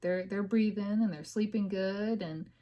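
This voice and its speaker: A woman's voice: medium pitch, measured pace, dark tone, lo-fi sound. A woman hosting her own podcast from her home office, talking casually and venting in a rambling way with lots of fillers. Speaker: podcast host. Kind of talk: casual personal chat.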